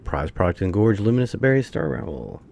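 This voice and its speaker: Gravelly low-voiced man grumbling through a game. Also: very animated, a little fast, a little mellow, a little hiss or hum. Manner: swears freely, grumbles and talks to viewers as "people". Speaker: gameplay streamer. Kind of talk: casual gameplay commentary.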